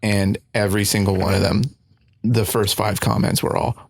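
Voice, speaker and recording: A man co-hosting a podcast in a relaxed casual chat, laughing often. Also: fairly low pitch, normal speed, gravelly, no room sound, clean studio sound. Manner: laid-back, laughs often. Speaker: podcast co-host.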